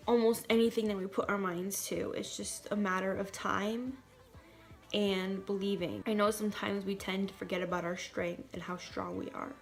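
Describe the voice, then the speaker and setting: A young woman speaks to her viewers in a raw, emotional vlog, close to tears. Her voice sits at an ordinary middle pitch, and she pauses and restarts as she works through what she wants to say. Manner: tearful, earnest, halting with pauses and restarts. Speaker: vlogger. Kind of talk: emotional personal vlog talk.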